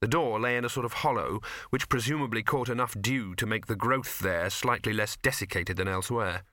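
Bright-voiced male audiobook narrator. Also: on the low side, fairly quick, dry recording, clean studio sound. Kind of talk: scripted narration.

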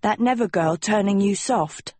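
A woman's voice: mid-range voice, normal speed, warm tone, no echo, lightly acted. A woman voicing a stern, slangy schoolboy who teases his friend bluntly. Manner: blunt, mocking. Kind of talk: audiobook character voice.

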